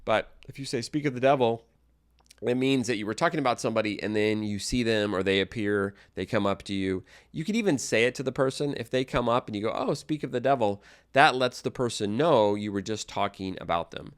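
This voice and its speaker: A man with a smooth, clear voice pitched a little low, walking learners through English grammar. He talks in a relaxed, explanatory way, with the odd filler and restart. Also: a little fast, hardly any pauses. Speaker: English teacher.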